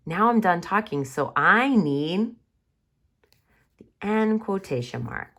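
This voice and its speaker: Woman kindergarten teacher, low voice, unhurried delivery, teaching writing to little kids on camera from home. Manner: slow, sounding out words and letters for children; exaggerated expressive reading aloud. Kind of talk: remote writing lesson for young children. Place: home, recorded for online class.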